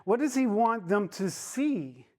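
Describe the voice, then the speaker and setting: A man's voice: high-pitched, animated, takes it slowly. A man teaching a Bible study lesson, retelling a parable in storytelling fashion with side digressions.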